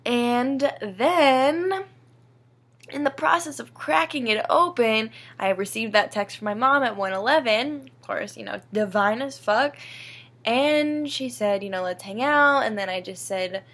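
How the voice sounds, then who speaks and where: A young woman with a bright, slightly high voice talks straight to the camera in a loose personal vlog. She rambles, swears freely and gets openly emotional as she goes. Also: measured pace. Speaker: vlogger.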